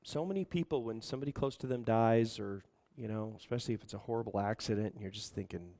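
A man's voice: on the low side, quick pace, hardly any pauses, mellow. A man preaching a sermon as pastor, asking the room rhetorical questions and acting out quoted voices. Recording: reverberant hall.

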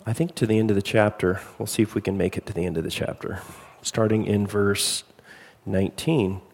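A man's voice: fairly low pitch, steady tone, a little fast, darkish tone, long reverb tail. A man preaching a sermon, casual and self-deprecating, with frequent fillers, then reading scripture aloud. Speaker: pastor.

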